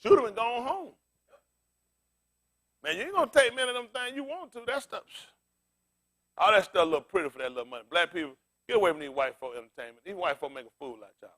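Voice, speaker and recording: Male pastor, AAVE, very high voice, lively swooping delivery, loud street-preaching style. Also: fast talker. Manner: loud, animated street preaching, laughing asides. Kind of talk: loose preaching to a congregation.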